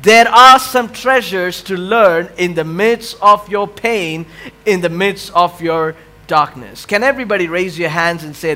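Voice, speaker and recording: High-voiced, bright preacher delivering a sermon. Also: male voice, a little slow. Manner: preaching with call-and-response questions to the congregation; swells loud and high on impassioned cries, drops to quiet near-whispers. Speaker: pastor.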